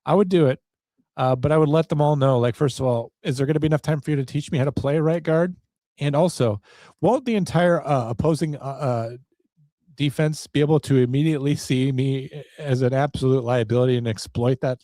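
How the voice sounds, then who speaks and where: A man's voice: medium pitch, fairly quick, mellow, dry recording, studio quality. A man hosting a solo podcast, rambling in a wry, self-deprecating way. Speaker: podcast host.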